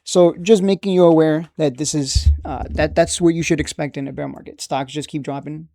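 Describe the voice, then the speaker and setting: Male trading educator, casual lesson delivery, gravelly and slightly high. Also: fairly even intonation, fairly quick, mellow, no echo, clean studio sound. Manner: conversational, keeps asking "right?".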